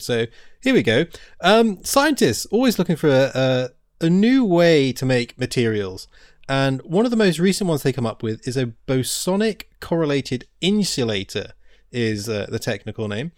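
A man's voice: mid-range voice, expressive, normal speed, no room sound, studio quality. A man co-hosting a casual science podcast, chatty and stumbling a little over technical terms. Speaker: podcast co-host. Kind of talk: casual educational chat.

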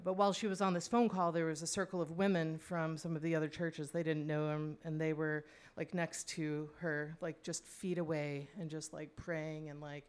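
A woman's voice: low-pitched, darkish tone. A woman telling a personal story in a conversational, wry way, full of asides and fillers. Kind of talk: personal storytelling, spoken monologue.

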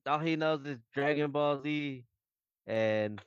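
A man's voice: a little high, slow pace, clear, resonant tone, no room sound, muffled recording. A laid-back man bantering with friends in a casual chat, swearing now and then. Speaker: guest.

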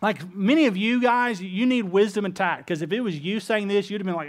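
A man's voice: high voice, fairly quick, hardly any pauses. A male pastor preaching a sermon in a casual, conversational way, often acting out the people he quotes. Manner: casual, animated preaching with many fillers; acts out quoted speakers with shifts in voice.

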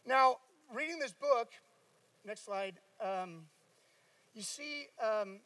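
A man's voice: very high voice, expressive, slow pace, pushed and bright, no room sound, distant mic, poor audio. A man giving a casual sermon, telling a personal story with many fillers and asides. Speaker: preacher.

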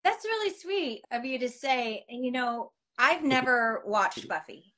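A middle-aged woman being interviewed as a guest actress over a video call, chatting casually in an animated, self-mocking way with lots of fillers. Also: sits high, unhurried, poor audio.

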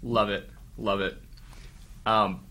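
A male podcast host with a low but bright, forceful voice. He reacts with open enthusiasm, and his words sometimes stumble when he gets excited. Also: slow. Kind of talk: casual interview chat.

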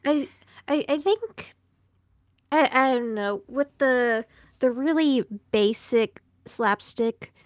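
A woman's voice: sits high, animated, slow pace, no room sound, highs cut off. A woman co-hosting a podcast in casual chat, often stammering and repeating words. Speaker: podcast co-host.

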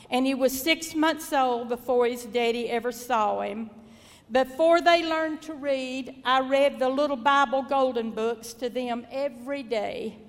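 An older woman with a Southern US accent shares memories of raising her children, folksy and devout, with a gentle chuckle in her talk. Her voice sits high, and a long reverb trails behind her words. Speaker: mother sharing testimony. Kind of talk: personal testimony, reminiscing.

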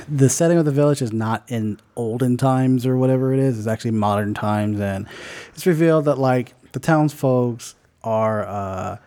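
Man, podcast co-host, casual storytelling, profane, laughs while talking, mid-pitched. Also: mellow. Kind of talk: casual chat, telling a made-up story.

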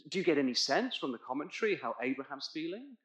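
A male preacher delivers an expository sermon, his fairly high voice swinging widely in pitch. He pushes hard on key points and draws back to quiet asides. The sound rings around a roomy church. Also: very animated, quick pace. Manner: expository, asks congregation to look in their Bibles; emphatic, swells loud on key points. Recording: echoey church hall.

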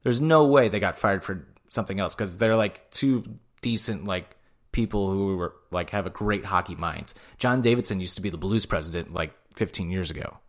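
A man's voice: sits low, moderate pace. A man co-hosting a casual podcast, ranting about hockey with lots of swearing, and he says he is tired. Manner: profane, heated sports rant. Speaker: podcast co-host. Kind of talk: casual chat.

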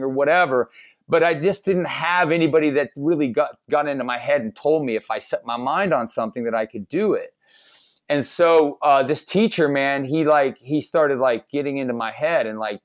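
A man's voice: mid-range voice, dry recording. A middle-aged man from Ohio tells his own life story as a podcast guest. His delivery is casual and slangy, full of "like" and "dude". His voice sits in an ordinary middle register, recorded close and dry with no room sound.

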